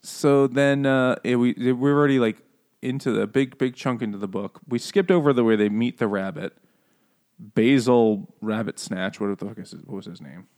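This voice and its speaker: Podcast dude chatting about a book, mid-pitched voice, cusses a lot, keeps laughing. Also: male voice, moderate pace, darkish tone. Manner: swears freely, laughs often, rambling. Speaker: podcast co-host. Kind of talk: casual book chat over beers.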